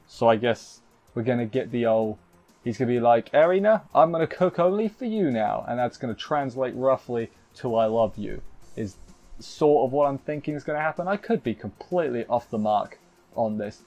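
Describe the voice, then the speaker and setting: A man's voice: mid-range voice, gravelly, darkish tone. Guy doing a chill rambly episode recap, jokey, dull lo-fi audio w faint music behind. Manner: rambling, jokey, self-deprecating. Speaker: anime reviewer. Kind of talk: casual live episode recap.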